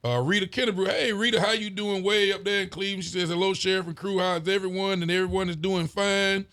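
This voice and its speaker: Man, high voice, folksy sheriff host, relaxed casual talk. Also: quick pace, clean tone. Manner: relaxed, folksy, reads out viewer greetings. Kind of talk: casual call-in style show chat.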